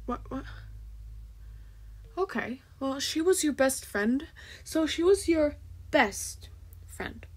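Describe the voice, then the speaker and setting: A woman hosting her channel, chatting excitably while reacting to a game video and bursting into shrieks. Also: sits high, slow pace, long pauses, slight background noise. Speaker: channel host.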